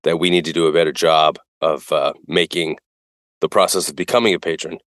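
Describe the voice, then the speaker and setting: A man's voice: very deep voice, fairly even intonation, brisk, fairly bright tone, no room sound, studio quality. A man co-hosting a podcast in casual chat, teasing his partner and often repeating words as he talks. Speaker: podcast co-host.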